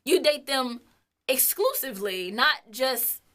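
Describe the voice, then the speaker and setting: Bright-voiced young woman, blunt and laughing. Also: high voice, lively intonation, slow. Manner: blunt, swears freely, laughs often. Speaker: co-host of a couple's vlog. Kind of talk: casual storytelling chat.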